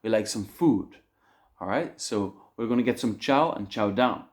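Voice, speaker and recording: A man teaching an online English lesson on slang, lively and chuckling as he explains words. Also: on the low side, normal speed. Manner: lively, acts out example phrases with chuckles.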